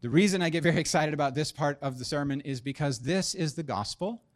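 Animated preaching man, raised pitch. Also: fast. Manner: animated, joking, builds to emphatic punches. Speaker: pastor. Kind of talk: sermon.

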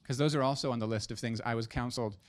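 A man in his thirties preaching a sermon as pastor, animated and joking, building to emphatic punchlines. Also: mid-range voice, rapid-fire.

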